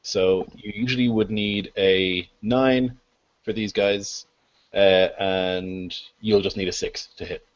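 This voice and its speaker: A man running a tabletop game as game master, explaining rules in a relaxed, laughing way. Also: on the low side, slow. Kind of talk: narrating a tabletop game over an online call. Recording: dull lo-fi call audio.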